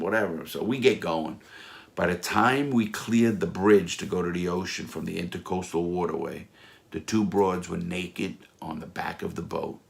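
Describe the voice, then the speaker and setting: Gravelly low-voiced man telling stories. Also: moderate pace. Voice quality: blunt, profane, animated storytelling. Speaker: storyteller recounting his past. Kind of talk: casual spoken anecdote. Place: Florida.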